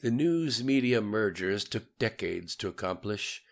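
A man's voice: fairly low pitch, animated, measured pace, vocal fry. A man narrating an audiobook with a grave, solemn delivery.

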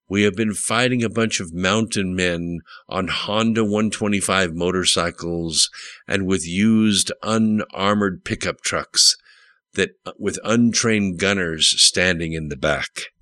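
A man's voice: fairly low pitch, animated, unhurried, fairly bright tone, no echo, pitched above the performer's own voice. A man reading the lines of a frustrated male president pressing his generals in an audiobook. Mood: demanding.

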